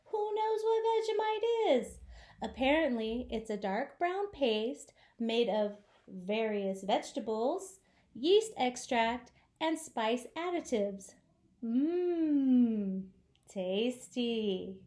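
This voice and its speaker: Hosting a travel vlog, this young woman from the US keeps her scripted narration jokey and playful, adding theatrical asides. Her pitch is fairly high and her tone warm.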